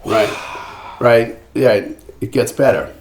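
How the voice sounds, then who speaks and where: An older male singer-songwriter telling anecdotes in a podcast interview, animated, acting out quotes and often restarting his sentences. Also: mid-range voice, slow pace, slight background noise. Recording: roomy echo.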